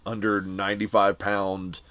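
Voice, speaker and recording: A man's voice: on the low side, completely flat delivery, a little slow, a bit bright, clear, resonant tone, no room sound. A man telling a story in casual chat, laughing often and acting out the voices of the people in it. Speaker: podcast co-host telling a story.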